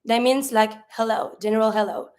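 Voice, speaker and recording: A woman's voice: a little high, steady tone, fairly quick, a little mellow. A woman, a native French speaker, teaching French greetings in a chatty way, asking herself questions and answering them. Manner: sprinkles fillers like "like".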